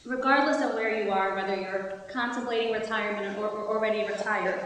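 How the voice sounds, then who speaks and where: A woman's voice: mid-range voice, fairly even intonation, a little fast, a bit bright. A woman giving a community talk about easing into retirement, explaining earnestly with stories and examples and sometimes restarting a phrase. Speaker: speaker on retirement transitions. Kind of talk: community talk with audience questions. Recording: echoey hall, distant mic, background noise.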